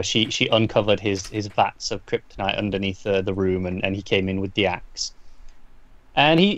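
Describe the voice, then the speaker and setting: Casually recapping a comic book, this podcast co-host rambles along with lots of restarts and fillers. His voice is on the low side and a bit bright. The sound is dry, dull and lo-fi.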